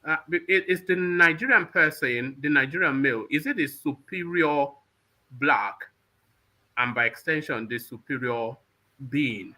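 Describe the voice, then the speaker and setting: A man co-hosting a live talk show, halting and restarting as he talks. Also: fairly high pitch, animated, sharp tone. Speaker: co-host.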